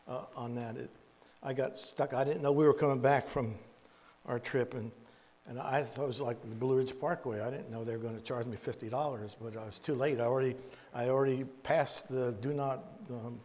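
A man preaching in a storytelling way, halting and repeating words, with folksy asides. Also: medium pitch, a little mellow. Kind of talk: storytelling Bible teaching. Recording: long echoey reverb.

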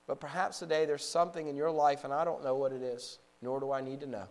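A pastor in his forties preaching a sermon, moving from a relaxed story to fervent, raised exhortation, with frequent repeated words and restarts. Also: medium pitch, fast talker, few pauses. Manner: frequent word repetitions and restarts.

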